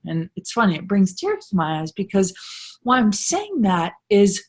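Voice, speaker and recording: Here a middle-aged female life coach talks in a mid-range voice at an ordinary pace, her pitch swinging widely. She's earnest and emphatic, circling back to the same phrases and ending many lines with "right?" in a relaxed pep talk.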